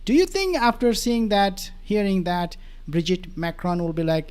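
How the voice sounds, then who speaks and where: Animated, mocking male commentator. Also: high-pitched, moderate pace, clean tone. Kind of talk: political commentary.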